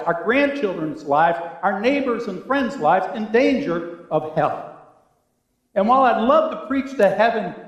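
A man preaching a sermon as pastor, with a dramatic delivery that swings from hushed to loud. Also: high-pitched. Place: church. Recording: echoey church room.

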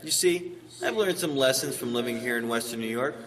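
A man's voice: medium pitch, expressive, brisk, a crowd in the background, natural voice. A man playing a cheery winter pep-talker. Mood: upbeat. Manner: chatty, upbeat, pep-talk delivery. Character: cheery folksy male winter-advice host, upbeat. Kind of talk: church skit monologue. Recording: distant voice, long hall reverb, audience.

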